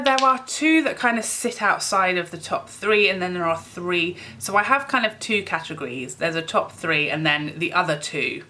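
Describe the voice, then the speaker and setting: A woman's voice: medium pitch, bright, forceful tone. A woman, chatting casually to camera as a beauty vlogger, gushing and rambling. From England.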